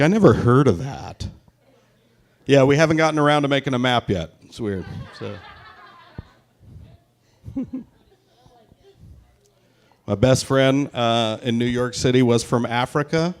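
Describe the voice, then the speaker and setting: A man's voice: medium pitch, slow, long pauses, clear, resonant tone. Brash, profane male stand-up comic. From Pacific Northwest, USA. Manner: crude, brash, profane, punchy delivery. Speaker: stand-up comedian. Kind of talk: stand-up set with crowd work. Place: brewery, live audience.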